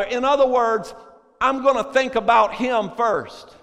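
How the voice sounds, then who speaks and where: A man preaching a sermon to a congregation, moving from chatty asides to shouted, drawn-out, emphatic phrases. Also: extremely high pitch. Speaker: pastor. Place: church sanctuary. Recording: long reverb of a large hall.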